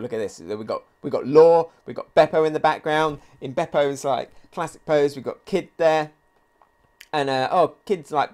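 A man hosting a live comic reaction video, reading pages aloud and thinking out loud with excitement. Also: a little high. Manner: excitable, thinks aloud, reads quotes along. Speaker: manga reaction video host.

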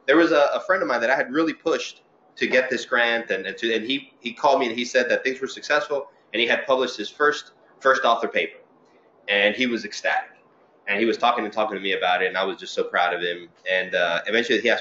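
A man's voice: on the low side, brisk, a little hiss or hum. A middle-aged male physician giving an informal talk to trainees, telling stories conversationally and acting out the people he quotes. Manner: conversational storytelling with lively quoted voices. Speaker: physician speaker at a training seminar. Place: lecture room. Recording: roomy, slightly muffled lecture recording.

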